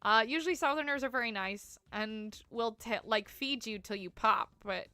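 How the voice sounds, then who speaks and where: Casual woman streamer, bright tense tone, dry close sound, rambly and giggly, lots of "like". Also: a little high, normal speed, no echo. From Canada. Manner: chatty, rambling, full of "like" fillers, laughs often. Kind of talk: casual gameplay commentary, chatting with viewers.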